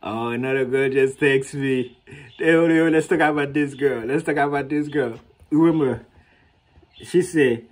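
A man vlogging in a casual storytelling way, animated and slangy, laughing often and acting out what others said in a raised voice. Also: medium pitch, moderate pace. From Haiti.

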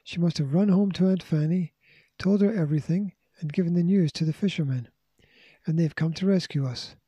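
A man voicing an excitable young boy who cries out eagerly, in a storybook reading. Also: a little high, a little fast, slightly rough, no room sound. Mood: excited. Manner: eager, crying out.

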